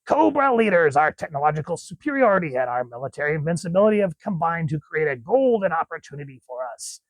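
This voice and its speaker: A man's voice: fairly high pitch, big pitch swings, quick pace, no echo, low-quality recording. A man voicing a grandiose male villain leader who declaims to his followers. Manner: pompous, declaiming.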